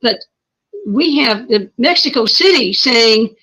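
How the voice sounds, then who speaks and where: A woman's voice: a little high, moderate pace, a bit bright, breathy edge. A woman being interviewed who tells her story emphatically, pressing her points with repeated words and rhetorical questions. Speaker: interview guest. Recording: muffled lo-fi stream audio.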